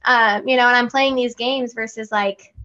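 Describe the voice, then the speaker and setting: A woman in her thirties hosting a podcast, chatting casually and telling family stories in an animated way. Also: on the high side, normal speed. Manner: animated storytelling, acts out family dialogue. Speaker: podcast host. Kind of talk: casual chat. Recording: dull lo-fi sound.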